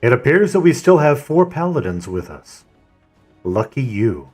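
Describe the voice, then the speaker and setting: A man on voice chat leading a game raid, calmly explaining a plan and handing out tasks. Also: fairly high pitch, moderate pace, faint music behind. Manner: calm, methodical, assigns tasks. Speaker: raid leader and streamer. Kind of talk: voice chat while gaming.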